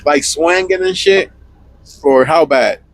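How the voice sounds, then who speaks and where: A man's voice: on the high side, slow pace, no room sound, rough recording. A young man with a Spanish accent co-hosting a trucking podcast in a laid-back, joking chat, swearing freely. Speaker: podcast co-host, truck driver. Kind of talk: casual chat.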